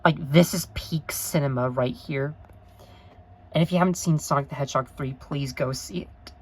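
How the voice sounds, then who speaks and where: A woman's voice: low-pitched, moderate pace, darkish tone, rough recording. A woman talking to camera in an unscripted review vlog, earnest and rambling, gushing with emotion and often apologizing. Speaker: vlogger.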